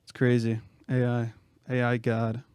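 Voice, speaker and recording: A man's voice: medium pitch, completely flat delivery, unhurried, a little mellow, clean tone, no room sound. A young man co-hosting a podcast in casual chat, rambling and joking with lots of fillers and restarts. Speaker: podcast co-host.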